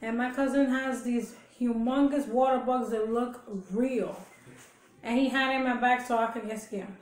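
Casting: woman mukbang vlogger, slightly high voice, chatty storyteller, recorded in a reverberant room. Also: fairly even intonation, normal speed. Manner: chatty storytelling with laughs and chewing sounds. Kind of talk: casual chat while eating. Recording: echoey room.

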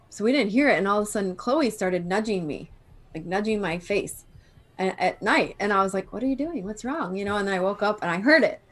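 A woman co-hosting a casual live stream chat, chiming in with easygoing agreement and short stories. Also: medium pitch. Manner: easygoing, quick agreeing interjections. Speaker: livestream co-host.

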